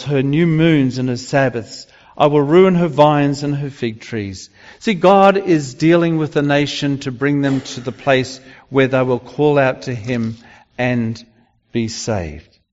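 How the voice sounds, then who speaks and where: A man preaching a sermon in a halting way, with frequent restarts and fillers. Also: medium pitch, darkish tone. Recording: dull lo-fi recording with long hall reverb.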